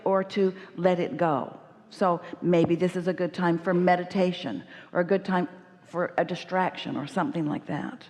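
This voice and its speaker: A woman's voice: on the low side, normal speed. Woman speaker at a live workshop, talks as "we", explains things with lots of emphasis, big hall reverb. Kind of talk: inspirational seminar talk answering an audience member. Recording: echoey hall with long reverb.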